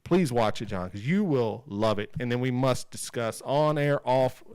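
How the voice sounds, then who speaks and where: A man's voice: medium pitch, expressive, normal speed, darkish tone, clear, resonant tone, no room sound. A man co-hosting a casual podcast chat, talking emphatically and repeating himself as he rants. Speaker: podcast co-host.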